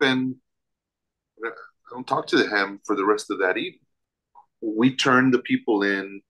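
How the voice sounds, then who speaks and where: A man's voice: on the low side, pushed and bright, poor audio. Emphatic man telling a story. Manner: vivid, emphatic storytelling with restarts. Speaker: interview guest. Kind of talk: telling a personal story in an interview.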